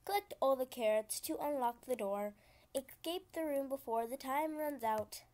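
A woman's voice: high voice, moderate pace, darkish tone. A young woman casually commenting as she plays a computer game, chatty and easily frustrated, often laughing. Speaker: gaming channel host.

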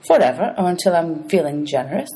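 A woman's voice: sits low, sing-song, fast talker, dark tone, husky, full character voice. A woman reading aloud, voicing a greedy ancient male ferryman of the dead who grumbles and haggles. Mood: scornful. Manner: grumbling, sly, money-hungry.

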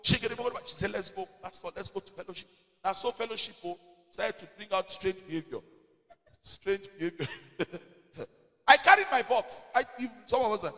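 High, lively Nigerian pastor in a hall. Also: male voice. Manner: animated, emphatic, slipping into Pidgin asides. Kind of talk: preaching in a church Q&A. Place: church hall.

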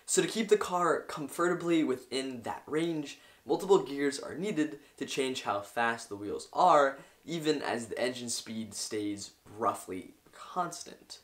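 A man's voice: mid-range voice, expressive, a little slow, few pauses, a bit bright. A young man hosting a science video, explaining in an eager, enthusiastic way. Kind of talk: educational explainer.

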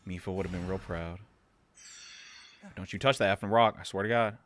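A young man giving loud, excitable, jokey commentary as a let's play host. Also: low voice, a little fast, slight background noise.

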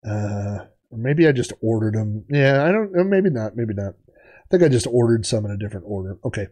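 A man's voice: on the low side, expressive, fairly quick, darkish tone. A man hosting a retro gaming vlog, telling stories in a rambling, digressive, chatty way. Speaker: retro gaming channel host. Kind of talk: casual storytelling vlog.

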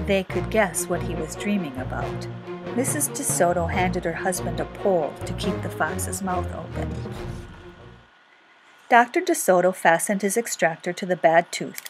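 A woman reading a children's picture book aloud with clear, expressive narration. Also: lowish voice. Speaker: storyteller. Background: background music.

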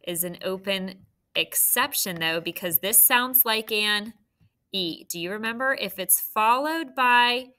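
Slow, bright-voiced woman teaching phonics. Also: medium pitch. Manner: patient, encouraging, slow and clear. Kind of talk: phonics lesson for young students.

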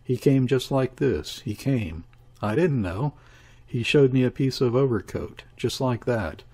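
A man's voice: mid-range voice, lively intonation, a little slow, dark tone. Man reading a listless, grief-stricken woman. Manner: listless, murmuring, pleading. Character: desperate grieving woman, listless and weary. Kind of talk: audiobook character reading.

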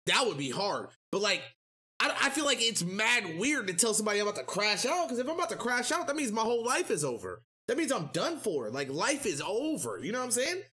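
A young woman from the United States giving casual, slangy reaction commentary in an animated, chatty way. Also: a little high, a little fast, slightly rough. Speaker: reaction video host.

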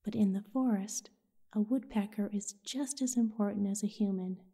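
A woman voicing a grumpy scolding woodpecker, hushed. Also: medium pitch, moderate pace, husky. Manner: soft hushed reading voice.

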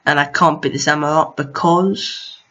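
Over a lo-fi home mic, a young gaming host casually talks through his gameplay, mildly exasperated as he addresses enemies on screen. His voice is a little high, steady in tone, pushed and bright, at normal speed.

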